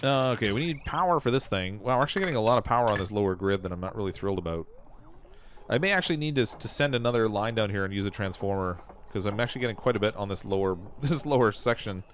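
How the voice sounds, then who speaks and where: A man's voice: lowish voice, lively intonation, fast talker, slight background noise. A Canadian man streaming a game, thinking aloud and poking fun at his own messy builds. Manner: self-mocking, thinks aloud while building. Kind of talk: casual livestream commentary.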